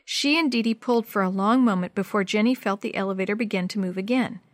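A woman narrating a children's chapter book aloud in a clear, even storytelling manner. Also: medium pitch, quick pace, no echo.

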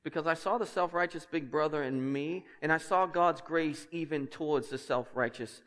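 Male pastor preaching hard, kinda high voice, gets loud and emphatic, big hall echo. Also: normal speed. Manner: passionate, emphatic preaching that climbs in pitch and volume; conversational asides to the congregation. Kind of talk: sermon. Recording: long hall reverb.

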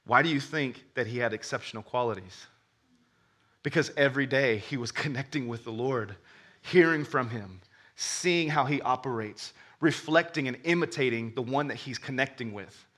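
A man preaching a sermon as pastor, telling a story with lively acted-out voices and frequent restarts. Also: medium pitch, moderate pace. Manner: animated storytelling, acts out characters, laughs with the crowd; stammers when starting sentences.

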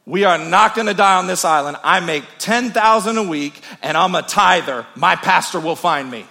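A man voicing a calm, self-assured castaway who insists firmly, in a raised, louder voice. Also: high-pitched, normal speed, gravelly, pitched above the performer's own voice, heavily acted. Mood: smug. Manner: firm, confident insistence.

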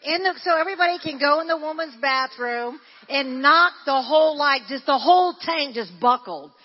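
A woman pastor preaching a sermon, telling a story with animated energy and shouting at its high points. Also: normal speed. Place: church hall. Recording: dull lo-fi recording in a church hall.

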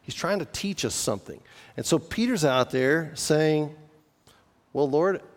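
A man's voice: on the high side, animated, moderate pace. A man preaching a sermon as a pastor in a conversational way, with restarts and casual asides. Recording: long reverb of a large hall.

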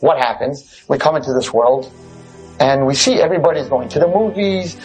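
A man telling a parable in a sermon, animated and conversational. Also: medium pitch, moderate pace, faint music behind, rough recording. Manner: animated, conversational, asks "right?". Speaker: religious teacher. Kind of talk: sermon storytelling.

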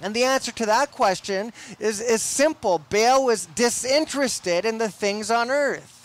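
A young man preaching a sermon in a deliberate, emphatic way, often repeating his words. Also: very high-pitched. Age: young adult.

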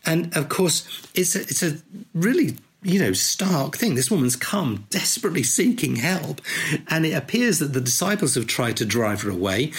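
A man hosting a podcast, teaching conversationally through a Bible passage in a thoughtful, unhurried way, explaining as he reads. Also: fairly high pitch, big pitch swings, slightly rough. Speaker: podcast host leading a Bible reflection.

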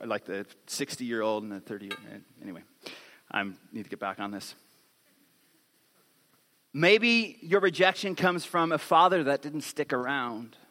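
Animated high-voiced male preacher. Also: long reverb tail. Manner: animated storytelling, acts out quotes. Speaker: pastor. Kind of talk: sermon.

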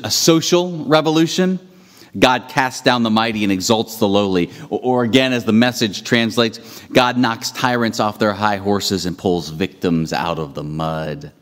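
A male pastor preaching a sermon, telling stories with restarts and emphatic rising peaks. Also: lowish voice. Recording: hall reverb.

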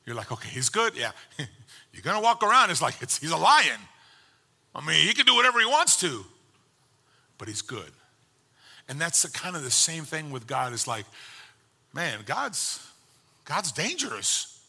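Bright-voiced man preaching with fervor. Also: a little high, sing-song, moderate pace, vocal fry, long pauses, husky. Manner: passionate preaching that swings from loud fired-up peaks to quiet tender reflection. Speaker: pastor. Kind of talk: sermon.

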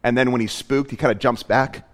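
A man's voice: mid-range voice, steady tone, brisk, big-room sound. A male pastor preaching a sermon, earnest and storytelling, with emphatic repetitions.

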